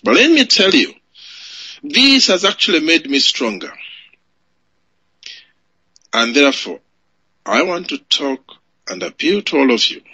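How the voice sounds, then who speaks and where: A man's voice: a little high, sing-song, unhurried, long pauses, pushed and bright, breathy edge, no room sound. A man from Uganda giving an emphatic political speech to supporters, repeating phrases for effect. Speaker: political speaker. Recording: muffled lo-fi audio.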